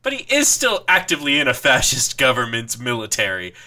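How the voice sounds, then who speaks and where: A man co-hosting a movie podcast, giving opinionated, measured takes and correcting himself. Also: mid-range voice, huge pitch swings, pushed and bright. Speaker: podcast co-host. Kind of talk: casual movie review chat.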